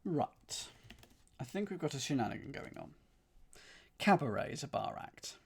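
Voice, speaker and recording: A man working through a crossword live, murmuring each clue back to himself and counting letters on his fingers aloud. His voice sits at an ordinary middle pitch for a man, relaxed and conversational as he reasons it through. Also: normal speed, creaky, husky. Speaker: puzzle streamer. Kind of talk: thinking aloud while solving live.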